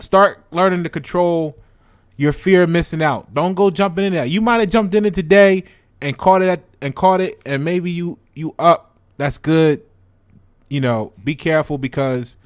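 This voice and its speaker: Guy chatting stocks to his viewers, kinda high voice, dry close sound, keeps repeating himself. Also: dry recording. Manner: conversational, repeats words, addresses viewers directly. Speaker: stock trading channel host. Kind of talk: casual explanatory chat to viewers.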